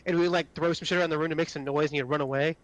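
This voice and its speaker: A man's voice: fairly high pitch, steady tone, very fast. A man chatting casually with a teammate while playing, telling a rambling story full of profanity. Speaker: squad teammate.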